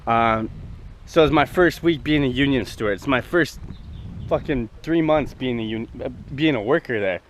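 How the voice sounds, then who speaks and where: A man casually telling a long personal story, rambling and profane with lots of fillers, recorded outdoors near traffic. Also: medium pitch. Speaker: host.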